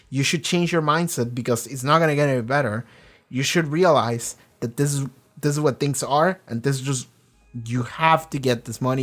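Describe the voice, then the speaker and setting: Animated swearing young man reviewing a show. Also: on the high side. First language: not English. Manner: animated, swearing, acts out characters' lines. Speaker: reaction video host. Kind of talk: casual reaction and review.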